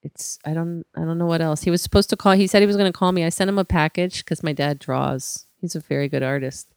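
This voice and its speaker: A woman's voice: low voice, steady tone, fast, a little mellow, clean tone, no room sound, clean studio sound. A woman co-hosting a podcast in casual chat, rambling and chatty with lots of fillers. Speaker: podcast co-host.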